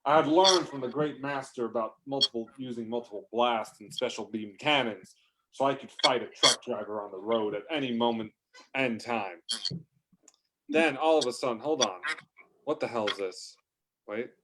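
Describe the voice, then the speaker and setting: A man spins an absurd tall tale off the cuff, wandering from thought to thought and stopping himself mid-sentence. His voice is of middling pitch for a man, and he tells the story in casual, offhand talk. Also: moderate pace, heavy background noise. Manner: rambling, self-interrupting, bursts into shouted lines. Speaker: comedic storyteller. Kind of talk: improvised comedic storytelling.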